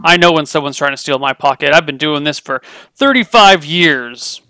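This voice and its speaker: A man voicing a flustered, indignant middle-aged merchant who blusters loudly in a tabletop game. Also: fairly high pitch, moderate pace, clean tone, no room sound.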